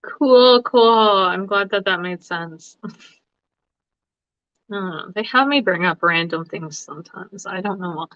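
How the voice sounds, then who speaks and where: A woman hosts a casual tarot-reading live stream, chatting and often laughing between thoughts. Her medium-pitched voice moves at a measured pace, and the dry recording has no room sound and a slightly dull quality.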